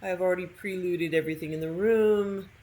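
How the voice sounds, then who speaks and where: Playful woman gamer, snarky running commentary, slightly low voice. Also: steady tone, brisk, warm tone. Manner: snarky, playful, talking back to characters. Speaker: gamer streaming a playthrough. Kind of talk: casual gameplay commentary.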